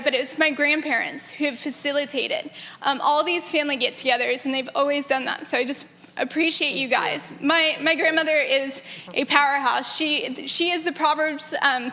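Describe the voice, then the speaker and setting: A woman in her thirties giving an earnest, animated personal testimony about her grandfather to a gathering, often breaking into laughter. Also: high voice. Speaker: granddaughter sharing memories. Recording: echoey hall.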